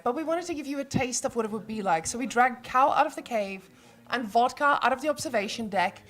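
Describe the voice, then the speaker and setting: A woman hosting a live esports tournament stream, presenting to viewers in a chatty, upbeat way on a handheld mic in an event studio. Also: a little high. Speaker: tournament host. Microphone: handheld microphone.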